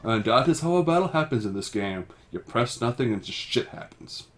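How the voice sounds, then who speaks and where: A man reading a game's story text aloud in a halting, stumbling way, with self-mocking asides, recorded on a home mic. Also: mid-range voice, lively intonation. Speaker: amateur voice actor reading a game. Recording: faint music behind.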